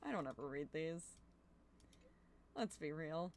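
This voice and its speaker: Chatty young woman streamer, slightly hoarse. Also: sits low, a little slow, long pauses. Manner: chatty and rambling, many fillers and restarts; animated greetings to chat. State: slightly hoarse from overuse, recovering. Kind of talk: casual live-stream chat while gaming.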